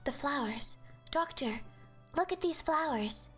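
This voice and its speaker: A woman streamer voicing a gentle young girl full of wonder, in a soft, breathy voice. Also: high voice, lively intonation, a little slow, faint music behind, pitched above the performer's own voice. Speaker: streamer reading a game story aloud.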